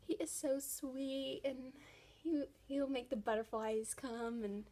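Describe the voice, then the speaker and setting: A woman's voice: sits high, steady tone, slow pace, mellow. A young woman vlogging casually about a book series she loves, gushing with enthusiasm. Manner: gushing, enthusiastic fan talk. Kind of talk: casual chat.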